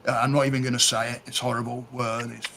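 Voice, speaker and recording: A man's voice: medium pitch, little pitch movement, quick pace, vocal fry, noisy background. A man from South East London with a Cockney accent, chatting casually, telling stories and swearing freely. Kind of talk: casual chat.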